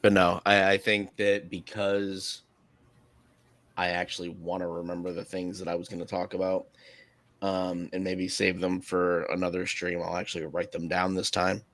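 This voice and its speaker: A man's voice: low voice, completely flat delivery, moderate pace, a bit bright, no echo. A man hosting a live stream, chatting casually with a co-host, hesitant and often chuckling. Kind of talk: casual chat.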